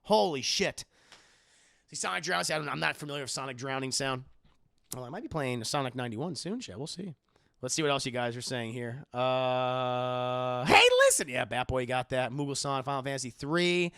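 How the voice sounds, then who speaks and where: Animated streamer guy, gravelly and bright. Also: mid-range voice, a little fast, no echo, clean studio sound. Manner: profane, animated, quoting game lines in loud voices. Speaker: streamer answering viewer questions. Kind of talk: casual livestream chat.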